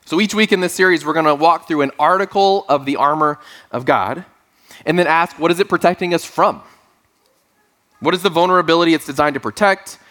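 Conversational man preaching, fairly high voice. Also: bright, forceful tone. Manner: conversational and self-deprecating, with dry asides. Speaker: pastor. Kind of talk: sermon.

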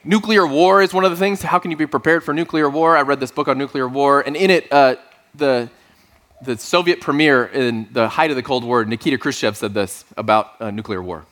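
A man's voice: mid-range voice, a little fast, a bit bright. A man preaching a sermon as pastor of his church, talking conversationally with dry, self-deprecating asides.

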